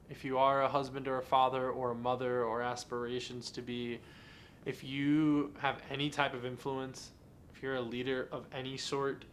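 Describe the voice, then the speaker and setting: A man's voice: medium pitch, fairly bright tone, a little hiss or hum. A young adult man hosting a podcast, talking in an earnest, candid and confessional way in a casual monologue. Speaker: podcast host.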